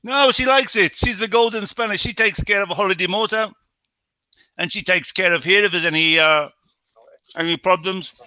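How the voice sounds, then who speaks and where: A man's voice: high-pitched, moderate pace, sharp tone, no echo. An English man hosting a casual live stream chat from home, chatty and greeting his viewers by name. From England. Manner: chatty, reads out viewer names.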